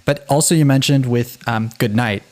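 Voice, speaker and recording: A man co-hosting a casual podcast, animated and often restarting his sentences. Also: mid-range voice, moderate pace. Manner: animated, self-interrupting. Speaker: podcast co-host. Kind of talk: casual chat.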